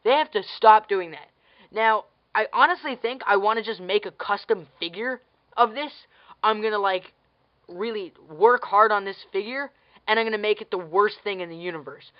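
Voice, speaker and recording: A woman tears into a movie in a casual vlog rant, blunt and sarcastic, with plenty of swearing and incredulous questions. Her voice sits at an ordinary middle pitch and comes through a dull, lo-fi recording. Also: normal speed. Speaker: vlogger reviewing a movie. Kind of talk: casual ranting review.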